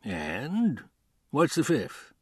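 A man reading as a drowsy, patient old judge who asks slow, measured questions. His voice rides up and down in an expressive way, and the recording is dry and close. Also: medium pitch, husky, dry recording, voice pushed up, heavily acted.

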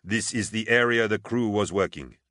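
Firm, clipped officer, read by the narrator. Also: male voice, fairly low pitch, normal speed, fairly bright tone, no room sound, clean studio sound, pitched above the performer's own voice, lightly acted. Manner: clipped commands. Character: firm male officer giving orders.

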